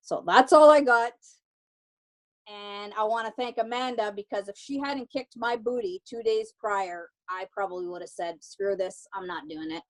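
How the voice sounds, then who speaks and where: A woman's voice: on the high side, normal speed, rough recording. A middle-aged woman giving an emphatic motivational pep talk to her sales team, stressing each tip with "okay?". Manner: emphatic, repeats advice with "okay?". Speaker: team member sharing a success story.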